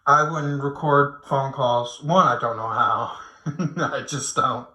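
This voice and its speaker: Speaking slowly at a medium pitch, a man with a bright, forceful tone delivers a late-night opinion rant from home, rambling, cursing and often starting over. He's an online commentator recorded in an echoey room.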